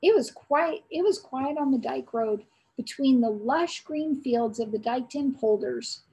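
Brief: an aunt reading a children's chapter book aloud, high bright voice, storytelling pace. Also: female voice, low-quality recording. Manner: storytelling, pausing to quiz listeners.

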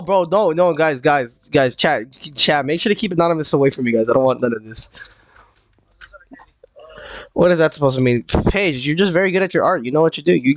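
A young man chats his way through a live game stream, stumbling over his words and circling back with lots of "like" and "uh." His voice sits a touch high for a man. The sound is close and dry, with no room around it. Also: no echo. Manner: rambling, repeats himself, many fillers and restarts. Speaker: gaming streamer. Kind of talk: casual live-stream chat while gaming.

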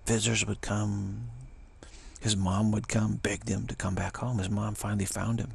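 A man's voice: on the low side, flat delivery, normal speed, vocal fry, breathy edge. A man giving a rambling, emphatic spiritual talk as a teacher, often dropping into whispers. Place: Bay Area, California.

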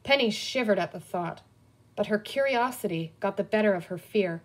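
A woman's voice: medium pitch, moderate pace. A woman reading a children's book aloud, telling it expressively. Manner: expressive storytelling. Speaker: reader.

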